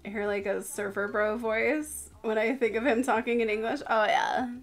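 A woman's voice: on the high side, steady tone, normal speed. A tired woman streamer giving live commentary on her game, chatting to her characters as she plays.

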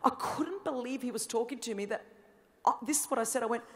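High-voiced Australian woman preaching. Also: quick pace. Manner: animated, humorous storytelling; builds to shouted passion. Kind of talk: sermon.

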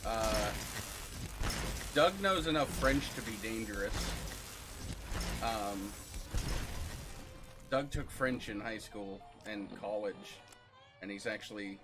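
A man's voice: lowish voice, expressive, takes it slowly, long pauses. A man streaming a video game, chatting casually and laughing easily as he plays. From United States. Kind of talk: casual gameplay commentary. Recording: music playing behind.

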